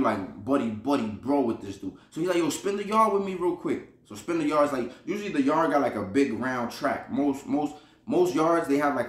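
This Buffalo, New York man tells a prison story on a podcast in a loose, meandering way, full of slang, laughter and repetition. His pitch is medium, and the room sounds echoey.

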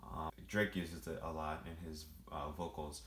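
With an extremely low voice and a measured pace, a man of Jamaican and Brazilian family roots explains how he made his song, the sound roomy. It's a laid-back walkthrough, rambling and packed with filler words.

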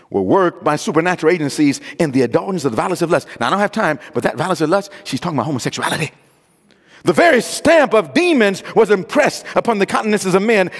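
A man preaching an evangelistic sermon in a church, swinging between loud exclamations and hushed low tones and calling questions out to the congregation. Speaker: pastor. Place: church sanctuary. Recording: long reverb of a church hall.

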